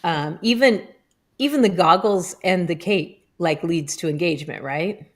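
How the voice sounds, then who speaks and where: A middle-aged woman hosting a podcast, chatting and telling stories in a relaxed way with 'um' fillers, talking over an online video call. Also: fairly low pitch, unhurried. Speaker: podcast host, photographer. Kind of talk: casual podcast conversation.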